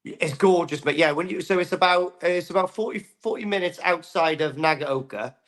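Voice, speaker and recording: Excitable man with jokey stories. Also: fairly high pitch, fairly quick. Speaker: guest co-host. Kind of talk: casual live-stream banter.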